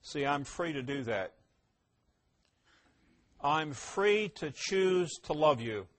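A man with a high-pitched voice delivers a sermon as a pastor. He asks rhetorical questions and answers them firmly, swinging from loud emphasis to hushed, low asides. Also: lively intonation, slow pace.

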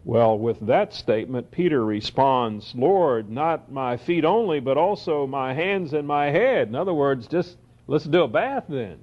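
Slow-reading Bible teacher, man. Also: medium pitch, expressive. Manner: reads scripture slowly, then explains in quick asides. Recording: dull lo-fi recording.

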